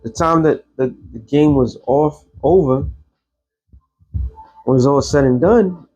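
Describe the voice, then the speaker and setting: A man's voice: fairly high pitch, takes it slowly, a little mellow, husky, lo-fi sound, faint music behind. A man giving a casual, rambling religious commentary as an online host, blunt and quoting scripture.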